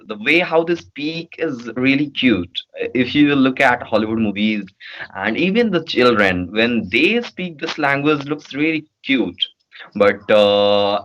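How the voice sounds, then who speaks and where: A man's voice: medium pitch, a bit bright, lo-fi sound. A man from Bihar with an Indian accent, answering interview questions in a hesitant way with many fillers. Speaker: guest.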